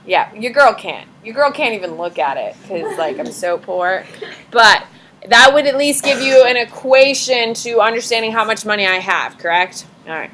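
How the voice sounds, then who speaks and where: A woman's voice: on the high side, lively intonation, measured pace, a bit bright, slight background noise, low-quality recording. Chatty, sarcastic woman teaching a class. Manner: chatty, sarcastic, swears casually. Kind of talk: casual classroom lecture.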